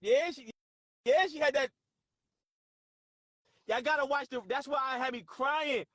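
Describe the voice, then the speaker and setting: A man hosting a casual livestream, laughing often and reacting loudly and profanely to his chat. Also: extremely high pitch, measured pace, no room sound. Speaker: livestream host.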